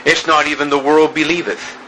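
A man preaching an evening sermon, slow and emphatic, building through repeated phrases. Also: fairly high pitch, little pitch movement, pushed and bright, slight background noise, low-quality recording.

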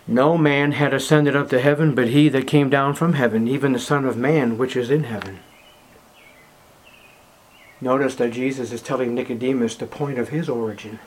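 A man preaching a sermon, emphatic, swinging from loud declarations to hushed, slow words. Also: medium pitch, steady tone, slight background noise.

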